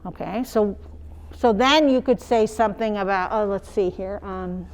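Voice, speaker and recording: A woman teacher with a mid-range voice models phonics for young children. She sounds out words slowly and sings little chants in slow, sing-song teacher talk.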